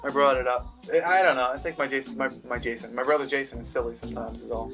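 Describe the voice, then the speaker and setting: A man's voice: mid-range voice, steady tone, fast, vocal fry, a bit bright, faint music behind. A man with a New Jersey accent, co-hosting a board game review show in casual, rambling chat. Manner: chatty, rambling. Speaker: co-host.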